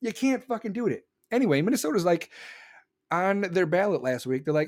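A man's voice: sits high, sing-song, a little fast, darkish tone. A man, hosting a live show and ranting heatedly and sarcastically, swearing often and mocking people in put-on voices. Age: 40s. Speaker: live-stream podcast host. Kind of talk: ranting political talk.

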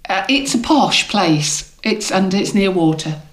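A woman's voice: mid-range voice, lively intonation, a little slow. A woman co-hosting a gardening podcast, chatting and teasing with frequent laughs. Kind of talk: casual chat. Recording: roomy echo.

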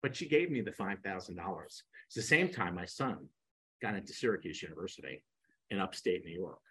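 A man in his sixties, a podcast guest, telling animated stories and acting out the dialogue. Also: low-pitched, brisk, breathy edge, low-quality recording. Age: 60s. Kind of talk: storytelling in a podcast interview.

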